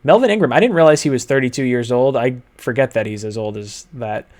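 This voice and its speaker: A man's voice: medium pitch, quick pace, a little mellow. A man hosting a casual sports talk show, chatty, laughing easily and rattling off player names and ages. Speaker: podcast host.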